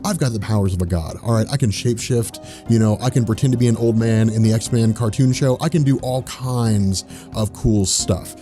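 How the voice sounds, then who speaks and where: A man's voice: on the low side, moderate pace, hardly any pauses, dark tone, faint music behind, close to an everyday voice. A man voicing a boastful male comic-book villain who talks like a laid-back dude. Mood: annoyed.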